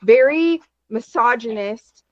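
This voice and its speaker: A woman from Texas chatting as a guest, telling stories in an animated, rapid way over a video call. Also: a little high, no room sound, highs cut off. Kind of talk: casual chat.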